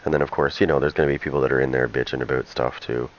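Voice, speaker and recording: A man's voice: very deep voice, little pitch movement, racing, a little hiss or hum, low-quality recording. A man who runs a gaming channel, chatting casually and rambling through asides while he plays. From Canada. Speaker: gaming streamer. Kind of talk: casual chat over gameplay.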